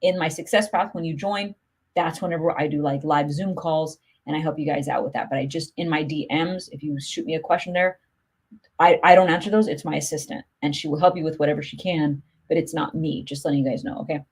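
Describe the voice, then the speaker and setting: A woman with a low, steady, slightly rough and a little mellow voice speaks fairly quickly. Hosting a casual livestream promoting music, she answers viewer comments in an upbeat, chatty way packed with "like" and "you know".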